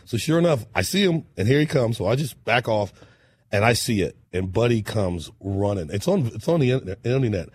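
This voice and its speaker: Husky man telling wild stories. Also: on the low side, fairly quick. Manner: lively storyteller, laughs through punchlines, acts out quotes. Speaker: musician guest. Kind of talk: animated storytelling on a talk show.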